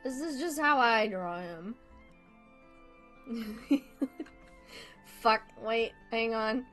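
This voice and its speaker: Woman streamer, casual and giggly, swears and says sorry a lot; fairly high voice, slow delivery. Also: animated, fairly bright tone, soft background music, poor audio. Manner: giggly, laughs often, swears casually, apologetic. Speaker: livestreamer drawing for chat. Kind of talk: casual livestream chat.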